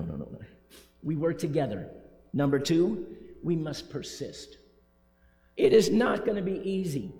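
A man's voice: a little high, gravelly, mellow. A man preaching a sermon as pastor, emphatic and joking, repeating his key points. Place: church sanctuary, speaking from the pulpit. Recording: long church reverb, faint music.

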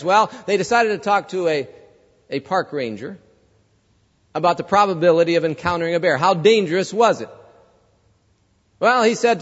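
A man's voice: high voice, lively intonation, moderate pace, long pauses, long reverb tail, lo-fi sound. A male pastor preaching a sermon, conversational, telling a story and asking the congregation questions. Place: church.

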